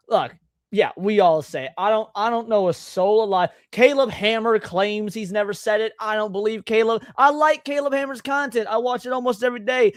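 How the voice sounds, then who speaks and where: A man hosting a casual podcast chat, rambling and emphatic, getting loud when worked up. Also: high-pitched, no room sound, clean studio sound.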